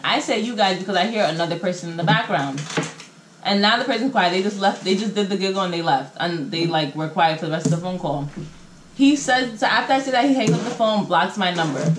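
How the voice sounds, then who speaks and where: A young woman chats straight to her camera at home and tells a drama-filled story in loose slang, putting on everyone's lines as she goes. Her voice sits mid-pitch for a woman. The room around her sounds echoey, with a faint hum of ambience behind it. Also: fairly quick. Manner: chatty, slangy storytelling that acts out what people said. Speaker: vlogger telling a story time. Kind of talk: casual storytime chat to camera. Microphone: camera mic.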